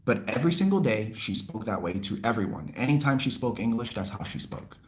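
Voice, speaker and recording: Animated young man telling a story. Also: on the low side, brisk. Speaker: livestream host. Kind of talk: casual chat.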